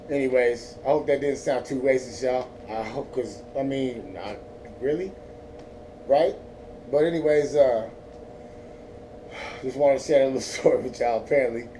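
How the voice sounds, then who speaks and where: A stoned Central Valley man from Northern California tells a rambling, cuss-filled story on his easygoing vlog. He speaks at a moderate pace, animated and warm, with a fairly high voice, recorded from afar with faint noise in the background.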